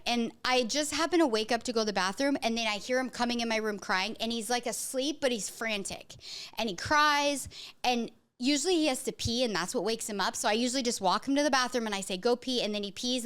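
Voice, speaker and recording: A mother and podcast host telling a story in a rambling, animated way with lots of "like". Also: a little high, a little fast, clean tone. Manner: animated, rambling, heavy use of "like". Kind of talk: casual storytelling chat.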